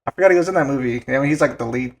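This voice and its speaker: A man's voice: medium pitch, racing. A young man co-hosting a film podcast, chatting loosely with lots of fillers and casual swearing. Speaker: podcast co-host.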